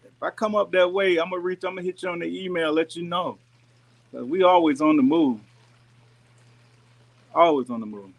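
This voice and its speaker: A man's voice: fairly high pitch, brisk, pauses often. Laid-back man chatting on a live stream. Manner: relaxed, folksy, talks to viewers directly. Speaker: YouTube gardening channel host. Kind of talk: casual live-stream chat. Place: rented house with pool and jacuzzi. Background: pool and jacuzzi noise.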